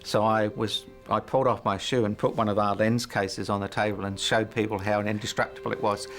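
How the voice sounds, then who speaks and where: A man's voice: on the low side, little pitch movement, fairly quick, fairly bright tone, faint music behind. A middle-aged man telling his life story in an interview, reflective and hesitant, with many fillers and frequent chuckles. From New Zealand. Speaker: interview guest.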